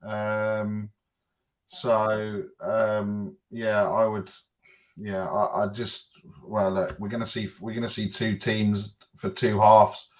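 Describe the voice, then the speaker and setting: A man's voice: lowish voice, little pitch movement, slow pace. A man co-hosting a casual football chat, speaking hesitantly as he thinks aloud. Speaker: co-host.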